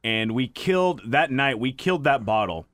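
A man co-hosting a podcast, chatting casually with wry, quick reactions. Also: medium pitch, expressive, fairly bright tone, no echo, studio quality. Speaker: podcast co-host.

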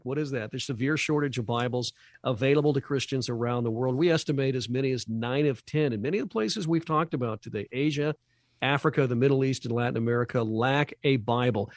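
A man's voice: medium pitch, no echo. Earnest man speaking over a video call. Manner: earnest and emphatic, slows on key phrases. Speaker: guest from a Bible charity. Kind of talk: radio interview talk.

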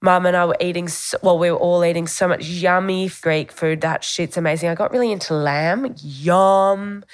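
A woman's voice: fairly low pitch, steady tone, moderate pace, smooth. A young Australian woman telling stories as a podcast co-host, chatty, with lots of "like" and casual swearing. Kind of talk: casual chat.

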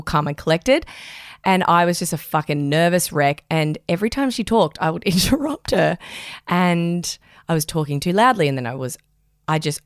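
A woman's voice: fairly low pitch, no room sound, clean studio sound. A young woman hosting a podcast, rambling and swearing freely in casual chat. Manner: rambling, swears a lot, talks fast when excited. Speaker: podcast host. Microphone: studio headphones and mic.

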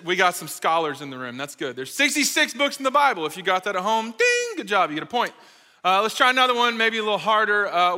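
A man giving a playful, lively sermon to a live audience, joking and talking straight to the crowd. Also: high-pitched. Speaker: speaker at a college ministry gathering. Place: large hall with live audience. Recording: reverberant hall.

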